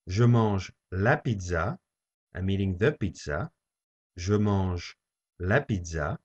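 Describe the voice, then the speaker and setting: A man teaching a French lesson, saying each phrase slowly and repeating it for learners to copy. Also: deep voice, expressive, darkish tone, husky. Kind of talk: slow language lesson. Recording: dull lo-fi recording.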